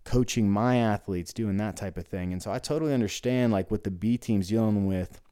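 Low-voiced man telling a gym story. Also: a little fast, warm tone, clear, resonant tone, no echo, studio quality. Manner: rambling, frequent "like" fillers, acts out quoted dialogue. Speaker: gym owner and coach. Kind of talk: casual storytelling monologue.

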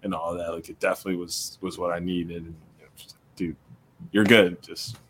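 A young man, a podcast co-host and coach, telling a story in casual chat, animated and laughing, full of filler words. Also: low-pitched, brisk, slight background noise.

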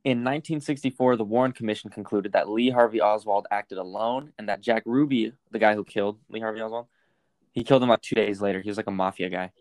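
A man's voice: fairly low pitch, fast, darkish tone, dry recording. A young man co-hosting a casual podcast, reading facts aloud and rambling into stories, with lots of swearing. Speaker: podcast co-host.

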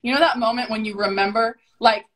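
A woman with a bright, high voice talks as a podcast guest. She rambles fast and emphatically, swears constantly and punches each point with raw energy. Her delivery is loud, unfiltered and casual. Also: steady tone. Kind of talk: casual, profane storytelling.

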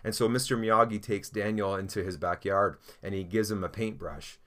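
Pastor, male, lower voice, earnest encouraging sermon delivery. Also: moderate pace. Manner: earnest, encouraging, animated storytelling. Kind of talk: sermon with prayer.

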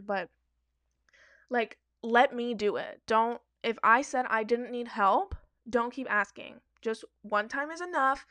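Woman ranting casually, swears a lot, kinda high voice, dry close mic. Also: sharp tone, no echo. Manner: blunt, profane and emphatic. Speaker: online commentator reacting to advice-forum stories. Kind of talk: casual reaction commentary.

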